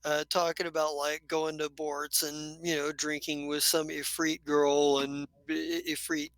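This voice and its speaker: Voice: mid-range voice, flat delivery, a little slow, fairly bright tone, no room sound. A game master narrating a tabletop game in a loose, rambling way full of fillers.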